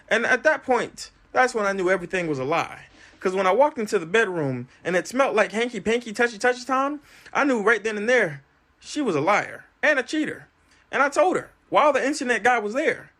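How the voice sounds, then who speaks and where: Man, casual storyteller, swooping animated pitch, acts out every quote. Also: a little fast.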